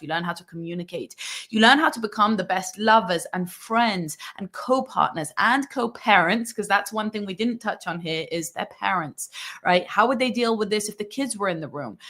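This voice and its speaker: A woman relationship coach talks earnestly to her audience, her voice sitting at an ordinary middle pitch. She is coaxing and encouraging, and often breaks off to act out the gentle words a partner might say. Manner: earnest, coaxing, acts out sample dialogue, tag questions like "right?". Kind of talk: coaching monologue breaking down a film scene.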